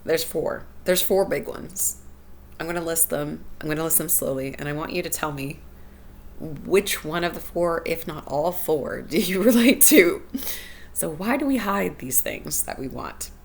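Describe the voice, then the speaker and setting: Woman podcast host, low gravelly voice, candid and personal, faint room hum behind. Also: a little slow. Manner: candid, personal, laughs often, repeats phrases. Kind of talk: reflective solo podcast talk.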